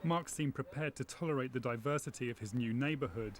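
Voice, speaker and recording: A man narrating a documentary and interviewing its subject in a calm, measured way. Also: mid-range voice, crowd noise. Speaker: documentary reporter.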